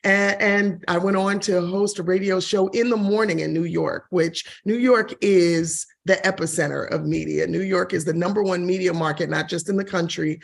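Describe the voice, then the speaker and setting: A woman in her forties with a gravelly, fry-tinged voice answers interview questions about her career. She is expressive and laughs easily, and her pitch rises and falls as she tells the story. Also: moderate pace, few pauses. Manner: expressive, laughs often, shifts pitch when quoting others. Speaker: guest, real estate broker and TV host.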